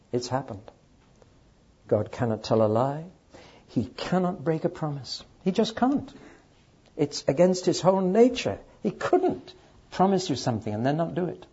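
Emphatic male preacher, mellow husky voice. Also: medium pitch, highs cut off. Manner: emphatic, addresses audience directly. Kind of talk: sermon.

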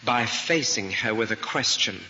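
A man preaches with a very bright, sharp-edged voice, reflecting aloud and posing rhetorical questions. The recording is muffled and lo-fi, with a faint hiss underneath. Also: fairly low pitch, a little slow. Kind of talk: expository sermon.

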